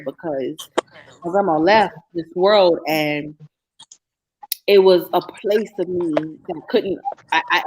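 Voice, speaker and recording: A woman's voice: lowish voice, noisy background. A woman co-hosting a casual podcast chat, telling a heartfelt personal story and speeding up when moved. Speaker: co-host.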